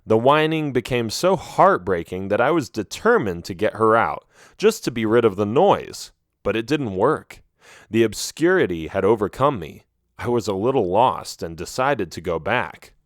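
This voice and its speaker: A man reading a first-person children's animal story aloud with an expressive, animated delivery. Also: fairly low pitch, normal speed, no room sound, studio quality. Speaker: audiobook narrator.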